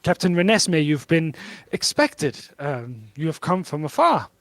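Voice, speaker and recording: A man's voice: fairly high pitch, sing-song, normal speed, a bit bright, no room sound. A man voicing a polite male palace guard in a formal manner. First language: Danish. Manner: formal, courteous.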